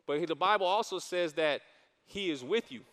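A man preaching a sermon as a campus pastor, animated and repeating his key lines for emphasis. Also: fairly high pitch, moderate pace. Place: church stage. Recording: long hall reverb in a church.

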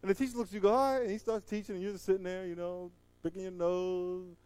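A middle-aged male pastor preaching a sermon. He swings between loud, high exhortation and hushed closing prayer. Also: level tone, quick pace, smooth, no room sound.

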